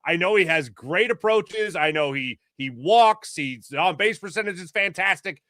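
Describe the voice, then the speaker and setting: A man's voice: high voice, animated, normal speed, sharp tone, no echo, clean studio sound. A middle-aged man co-hosting a sports talk show, giving casual, emphatic and opinionated takes. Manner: emphatic, opinionated, speeds up when making a point.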